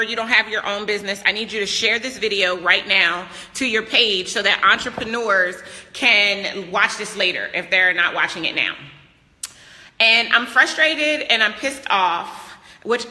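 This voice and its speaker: A woman's voice: medium pitch, bright, forceful tone, big-room sound. A woman business coach talking casually and emphatically into a phone held at arm's length, greeting viewers by name. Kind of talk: casual live-stream talk. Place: vacation house, moving indoors and out.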